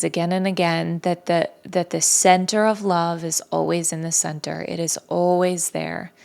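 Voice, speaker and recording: A woman hosting a solo podcast speaks in a lowish voice with vocal fry. Her talk is earnest and reflective, sometimes dropping almost to a whisper.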